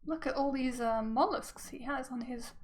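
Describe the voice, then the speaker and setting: A woman's voice: high-pitched, moderate pace, low-quality recording. A woman streamer reading a visual novel aloud, with playful, giggly asides between the lines. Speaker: let's play streamer.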